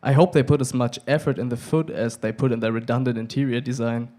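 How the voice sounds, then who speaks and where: A man's voice: mid-range voice, steady tone, quick pace, warm tone, lightly acted. A young man with a German accent reading the lines of a blunt, pessimistic young woman. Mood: cynical. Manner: blunt, sarcastic.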